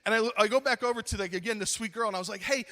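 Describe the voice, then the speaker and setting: A middle-aged man preaching at a youth conference, telling a funny story with lively acted-out dialogue, then slowing into earnest appeals. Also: high-pitched, big-room sound. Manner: animated, acts out his own story, then slows to earnest appeals. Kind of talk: storytelling sermon.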